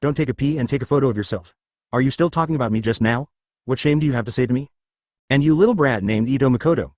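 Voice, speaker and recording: A man's voice: mid-range voice, quick pace, a little mellow, no room sound, natural voice. A man reading the lines of a furious, arrogant legendary male ninja ghost who hurls insults and threats, in a synthetic storybook voice. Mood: raging.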